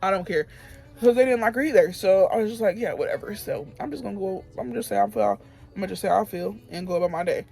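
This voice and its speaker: A woman's voice: mid-range voice, expressive, fast talker, gravelly, mellow. A young woman telling a story about quitting her job while getting ready on camera. She vents in a heated, emphatic way and often repeats herself. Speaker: beauty vlogger.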